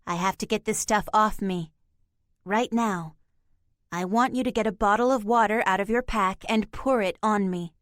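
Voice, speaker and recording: A bossy little female pixie voiced by a woman gives brisk orders and coaxes with pet names. Her voice sits at a middle pitch and is recorded dry and close. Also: dry recording, lightly acted.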